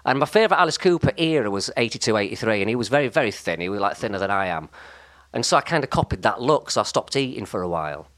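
A man with a high, light voice, chatting as a guest and wandering off into comic, self-mocking tangents with many restarts. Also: animated, fast talker, fairly bright tone. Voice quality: high, light voice that never broke. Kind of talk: casual chat.

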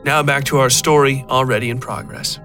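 A man reading a first-person horror story as a podcast narrator, in a measured, even storytelling manner. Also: mid-range voice, soft background music.

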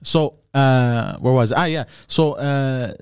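A man's voice: medium pitch, takes it slowly, a little mellow, clean tone, no room sound, clean studio sound. A man co-hosting a podcast, telling a long dream story in casual chat, with lots of fillers and restarts. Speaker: podcast co-host.

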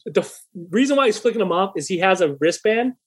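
A young man spinning a story on a podcast in a loose, chatty way. His voice sits fairly high, and he swears freely while acting out the people he quotes. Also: fast, husky. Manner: animated, profane, acts out quoted voices. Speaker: podcast host. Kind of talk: casual storytelling chat.

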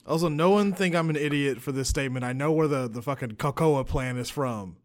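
A man's voice: mid-range voice, fairly quick. A man guesting on a film podcast, chatting casually and tossing in wry jokes. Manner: wry, jokey asides. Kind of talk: casual film-discussion chat.

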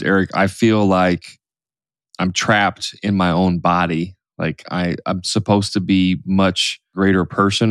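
Deep-voiced man, candid podcast co-host. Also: clean tone, no echo, studio quality. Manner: candid, rambling with restarts. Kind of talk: casual chat.

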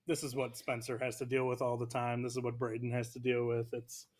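A man's voice: mid-range voice, a little fast. A young man co-hosting a sports podcast, chatting casually and joking animatedly. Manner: animated, joking, jumps between voices for bits. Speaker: podcast co-host.

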